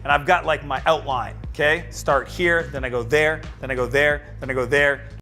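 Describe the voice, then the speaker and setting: A sales and business speaker gives a motivational talk on selling, acting out little scenes with quoted voices. His voice is on the high side, bright and forceful, with fairly even intonation at a moderate pace, and soft music plays behind.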